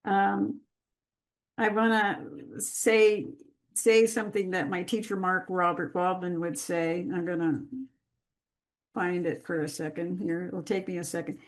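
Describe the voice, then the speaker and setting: Woman, teacher, gravelly voice, unhurried, deliberate pauses, video call. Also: lowish voice, flat delivery. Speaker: master class teacher. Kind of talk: live online class talk.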